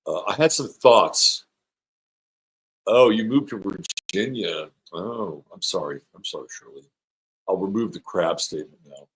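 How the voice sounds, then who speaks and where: Middle-aged male astrologer host, a bit low-pitched, loose and joking as he reads out chat comments. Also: animated, a little slow, a bit bright, low-quality recording. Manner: rambling, playful, reads viewer comments aloud. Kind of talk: live-stream chat with viewers.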